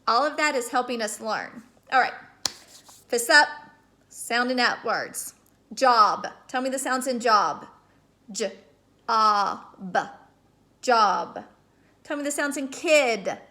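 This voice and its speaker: Woman, kindergarten teacher, slow patient phonics lesson, encouraging, slightly high voice. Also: lively intonation, bright, forceful tone. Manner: slow, drawn-out sounding out of words; patient, encouraging, checks in with "okay?". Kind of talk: remote phonics lesson for young children.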